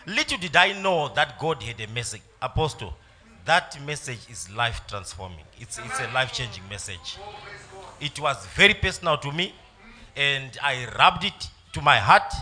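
Man, church testimony, bright lively storyteller. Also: a little high. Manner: storytelling, emotional, laughing at times. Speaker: church member giving testimony.

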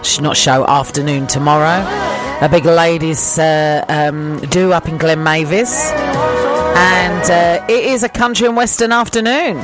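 A Scottish radio host chats away to the listeners in a loose, rambling style, restarting sentences and tossing questions out to the audience. The voice sits at a middling pitch, with soft music playing faintly underneath in the studio. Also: unhurried. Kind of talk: casual chat to listeners.

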